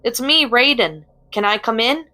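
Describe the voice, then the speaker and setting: A woman's voice: a little high, animated, moderate pace, pushed and bright, voice pushed up. A woman voicing a brash male thunder god who teases his friends and grumbles when he is teased back. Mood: teasing. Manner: teasing, then grumbling and protesting.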